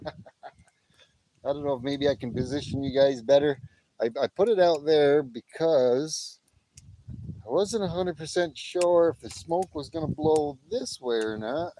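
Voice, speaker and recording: A man's voice: a little high, animated, unhurried, gravelly, mellow, rough recording. A cheerful, chatty man hosting a casual livestream outdoors at his backyard fire pit at night, greeting viewers by name and laughing often. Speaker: livestream host. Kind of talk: casual live-stream chat. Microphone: camera on a tripod.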